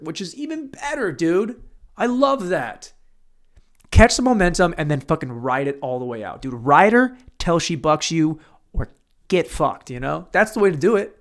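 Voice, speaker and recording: A young man talks alone into his podcast mic at home, drifting from topic to topic with crude, swear-laden jokes. He mocks himself as he goes, and his voice sits at an ordinary middle pitch. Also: gravelly. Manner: crude, rambling, self-mocking, swears freely. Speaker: podcast host. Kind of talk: solo podcast rant. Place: home studio room.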